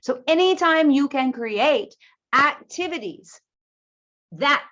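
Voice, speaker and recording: Woman teacher presenting to teachers, emphatic and lively, fairly high voice, dull lo-fi sound. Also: slow pace. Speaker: ESL teacher.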